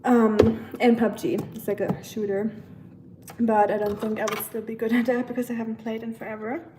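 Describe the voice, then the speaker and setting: A young German woman with a German accent chats with her live stream audience, her voice pitched a little high. She laughs easily and answers chat messages as she goes. The echoey home recording carries a faint hiss underneath. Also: level tone, normal speed. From southern Germany. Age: young adult. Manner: chatty, laughs often, reacts to chat messages.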